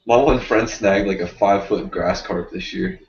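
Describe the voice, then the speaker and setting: A man's voice: fairly low pitch, measured pace, a little hiss or hum. A man hosting a casual fishing live stream, laid-back and rambling with fillers. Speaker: fishing channel host. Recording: roomy muffled stream audio.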